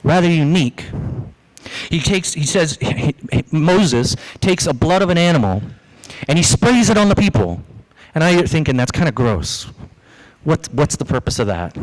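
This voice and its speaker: Animated male pastor preaching. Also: a little high, normal speed, poor audio. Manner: lively preaching, acts out quoted voices. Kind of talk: sermon. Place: church.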